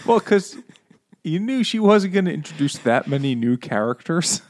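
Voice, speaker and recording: A man's voice: on the high side, big pitch swings, normal speed, a little mellow. A man co-hosting a casual podcast, cutting in with crude punchlines and laughing often. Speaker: podcast co-host.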